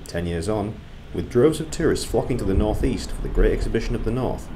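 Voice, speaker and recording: Male news reporter, lively scripted narration. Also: on the low side, slight background noise.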